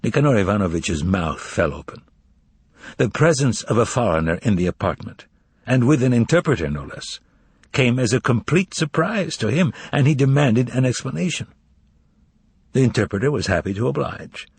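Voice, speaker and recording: A man reading a novel aloud as audiobook narration, in a lively, theatrical manner. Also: mid-range voice, moderate pace, husky, dry recording. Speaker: audiobook reader.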